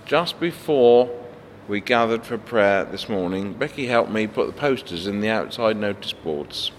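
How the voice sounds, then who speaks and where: Slow-speaking pastor in a reverberant hall. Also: male voice, lowish voice, animated, slight background noise. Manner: slow, gentle, thoughtful delivery with restarts. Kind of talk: reflective sermon with scripture reading. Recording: faint hall reverb, light background ambience.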